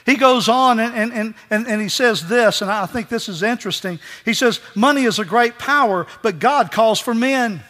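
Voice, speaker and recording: A man with a high, bright voice preaches a sermon with passion, repeating key phrases and swinging between loud exhortation and quiet words. His voice rings with the long reverb of a large church sanctuary. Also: normal speed, hardly any pauses.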